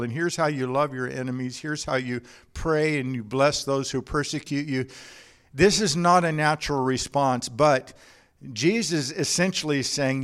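A man preaching a sermon, telling stories and quoting others, with frequent restarts and "you know" asides. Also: mid-range voice. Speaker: pastor.

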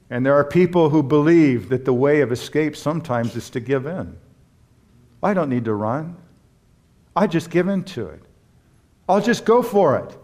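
A man delivers a sermon in a slightly high voice, hammering home key words and pausing for emphasis. He mixes earnest preaching with light humorous asides. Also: a little mellow. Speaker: pastor.

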